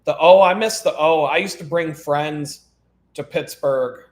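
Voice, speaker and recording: A man's voice: on the high side, measured pace. A middle-aged man hosting a live stream, telling long rambling stories that wander and double back, laughing at his own tales. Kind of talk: rambling casual storytelling. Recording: echoey room.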